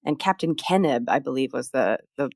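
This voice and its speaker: Woman, very low voice, book podcast co-host, casual, wry, dry close recording. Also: expressive, vocal fry, a little mellow, dry recording. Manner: conversational, drawn-out and joking.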